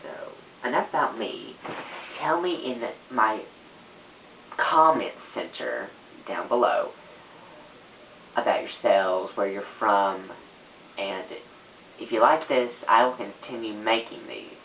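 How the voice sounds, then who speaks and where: A woman chatters to a webcam propped on a glass in her messy bedroom, jumping from one random thought to the next and cursing freely. The sound is thin and phone-like, with a steady hiss and an echoey room around her. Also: rumbling low, measured pace. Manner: distracted, random, swears a lot. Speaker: first-time vlogger. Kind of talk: rambling casual webcam talk. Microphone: camera propped on a glass on a fan. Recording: tinny, noisy, echoey home webcam.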